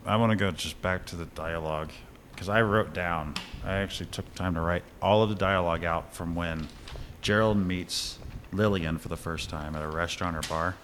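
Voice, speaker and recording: Deep-voiced man recapping a movie. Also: moderate pace, a little hiss or hum. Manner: animated storytelling with chuckles and fillers. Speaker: podcast co-host reviewing a film. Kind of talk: casual chat.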